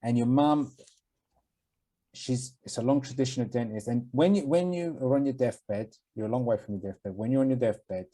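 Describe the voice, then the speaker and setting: A young man with a mellow, dark voice co-hosting a podcast. He talks in a laid-back, casual way and hands out blunt advice with the odd swear word. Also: mid-range voice, moderate pace, poor audio. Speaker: podcast co-host. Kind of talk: casual chat.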